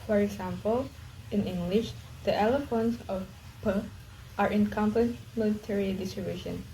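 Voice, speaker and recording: A woman's voice: medium pitch, fairly even intonation, normal speed, dark tone, slight background noise, rough recording. A woman student reading a presentation, saying each example word twice.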